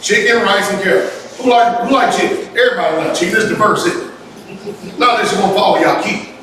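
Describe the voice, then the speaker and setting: A man pastor giving a lively, playful sermon, teasing the congregation and calling for responses. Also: high-pitched, fairly quick. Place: church. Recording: echoey church room from far off, noisy.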